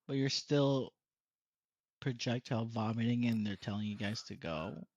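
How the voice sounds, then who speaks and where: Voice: mid-range voice, normal speed, no echo, dull audio. A podcast co-host in casual chat, reacting with exclamations and laughs.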